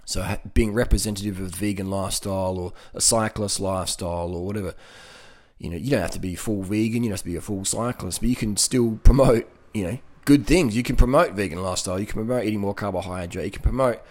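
A vegan cycling advocate with an Australian accent speaks casually and motivationally, his voice lowish, darkish and quick. He often repeats words and laughs.

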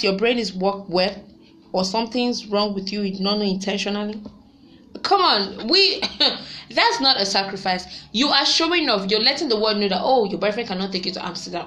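A young woman chatting casually to her viewers, lively and quick to laugh. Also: mid-range voice. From Nigeria. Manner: chatty and animated, laughs often, sings snatches of songs. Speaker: vlogger. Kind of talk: casual vlog chat.

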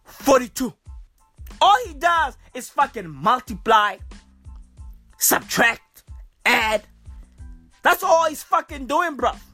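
A South African podcast host with a high, sing-song, sharp voice speaks slowly with long pauses, delivering a profane comic rant packed with slang and constant "bruv" and "okay" tags. The recording is dry, with soft music in the background.

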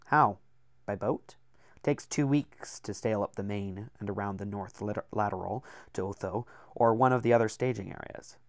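A man doing a measured, reserved diplomat. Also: lowish voice, no echo, lightly acted.

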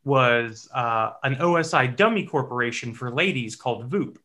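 A man's voice: medium pitch, expressive, normal speed, sharp tone. A man co-hosting a podcast, talking casually in a rambling way with many fillers. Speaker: podcast co-host.

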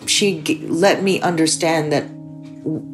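A woman's voice: low-pitched, steady tone, unhurried, music in the background. A woman filmmaker from the Soviet Union recounting a personal story candidly, with frequent "like" fillers. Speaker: filmmaker guest.

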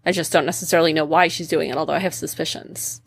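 A woman's voice: sits low, steady tone, fast talker, creaky, breathy edge. A woman playing a tabletop game, talking through her choices in a chatty, thoughtful way. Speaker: player.

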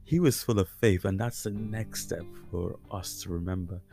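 A man's voice: sits low, normal speed, creaky, warm tone, soft background music. A man hosting a Christian podcast, teaching casually and conversationally with frequent fillers and restarts. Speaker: podcast host.

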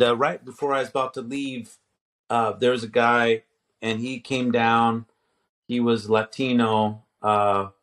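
In casual conversation, a seminary teacher in his fifties tells a story, restarting sentences and quoting both himself and others. His voice is medium in pitch and a bit bright.

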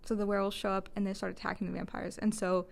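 A woman's voice: mid-range voice, level tone, fast, creaky. A young woman co-hosting a podcast, recapping a movie in a blunt, sarcastic way with plenty of swearing. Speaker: podcast co-host. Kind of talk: casual chat recapping a movie.

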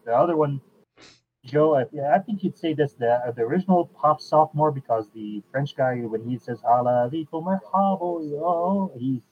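Man, casual chat host, medium pitch, unhurried, lots of "uh", tinny phone-line sound. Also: a little hiss or hum. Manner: unhurried, fills pauses with "uh" and restarts. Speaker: podcast host.

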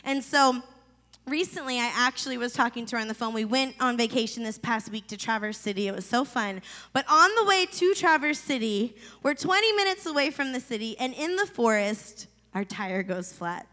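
A young woman preaches with animated storytelling, her fairly high voice carrying a long reverb through the hall. She swings between quiet asides and acted-out outbursts. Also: moderate pace. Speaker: pastor. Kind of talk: sermon.

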